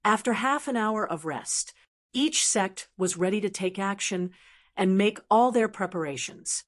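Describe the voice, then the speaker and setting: A woman narrating a translated fantasy novel as an audiobook in a steady reading voice. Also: mid-range voice, unhurried. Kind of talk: scripted narration.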